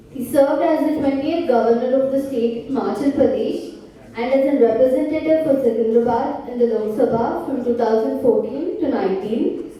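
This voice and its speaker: A woman's voice: fairly high pitch, mellow, far from the mic. Formal woman emcee in an echoey hall. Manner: formal, reading a prepared introduction. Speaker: event emcee. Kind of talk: formal introduction.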